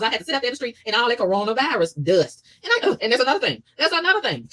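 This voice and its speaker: A woman rattles off a rapid, exasperated rant. Her pitch leaps and dips with lively swings, and she barely pauses between complaints. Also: slightly rough. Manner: fast, exasperated ranting with animated pitch swings. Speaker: vlogger. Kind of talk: ranting monologue.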